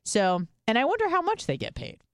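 A woman rambling through a casual podcast story, her voice smooth and resonant. She fills her talk with loose asides, recorded close and dry. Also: high-pitched, wildly swooping pitch, fairly quick, no room sound. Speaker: podcast co-host. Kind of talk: casual chat.

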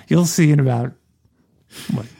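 A man's voice: fairly high pitch, slow, gravelly, warm tone, breathy edge. A man co-hosting a podcast in casual, joking chat, musing aloud as he goes. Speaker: podcast co-host.

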